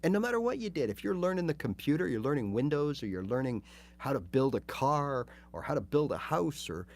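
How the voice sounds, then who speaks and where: A man hosting a casual livestream guitar lesson, chatty and animated, acting out little scenes as he talks. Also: medium pitch, fairly quick. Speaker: guitar teacher.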